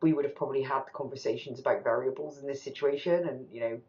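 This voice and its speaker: Low-voiced woman giving candid reaction commentary. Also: fast talker, dull audio, over loud music. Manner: candid and animated, swears casually. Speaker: TV reaction channel host.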